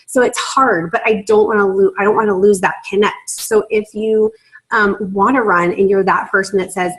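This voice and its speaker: A woman's voice: mid-range voice, steady tone, quick pace, rough recording. A young woman, a team leader on a video call, talking emotionally and gushing with many fillers, close to tears. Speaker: team leader in a sales business.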